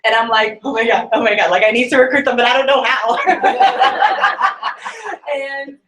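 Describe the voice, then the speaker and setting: A woman telling a sales story to a group. She talks in a lively way, acts out quoted voices and laughs often. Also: on the high side, measured pace, echoey room, rough recording. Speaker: sales consultant sharing a tip. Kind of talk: animated storytelling talk.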